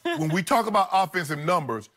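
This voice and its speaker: A middle-aged man co-hosting a sports debate show, arguing emphatically and repeating points slowly for effect. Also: high voice, sing-song, a bit bright.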